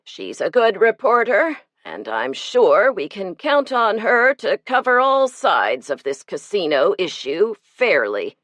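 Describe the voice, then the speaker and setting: A woman narrator voicing a firm male town official who speaks slowly and with emphasis. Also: medium pitch, wildly swooping pitch, fairly bright tone, no echo, voice pushed up, exaggerated voice.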